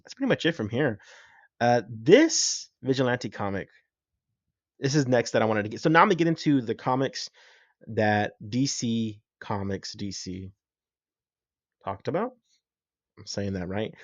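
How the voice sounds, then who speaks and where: A man's voice: medium pitch, sing-song, a little slow, no echo, lo-fi sound. A man giving casual, enthusiastic reaction commentary as a vlogger, rambling and swearing freely. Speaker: comics and film reaction vlogger.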